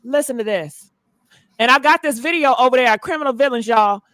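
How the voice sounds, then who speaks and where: A woman's voice: high voice, fairly quick, a bit bright, no echo, clean studio sound. A woman hosting a commentary vlog, chatty and slangy, talking straight to her viewers. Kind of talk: casual commentary.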